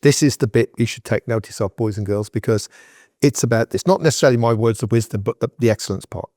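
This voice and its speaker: A man's voice: mid-range voice, fast talker, a little mellow, no echo, clean studio sound. A man being interviewed on a podcast, giving advice in a direct, emphatic, conversational way. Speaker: guest entrepreneur.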